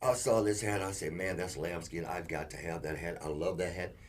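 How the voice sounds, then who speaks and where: A man co-hosting a casual relationship talk show, telling animated stories and acting out quotes. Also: low voice, a little fast. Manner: animated storyteller, acts out quotes. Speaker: co-host.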